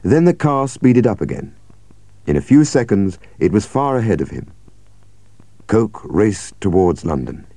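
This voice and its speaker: A man narrating a story with a measured, expressive reading. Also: on the low side, no room sound. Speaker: audiobook narrator.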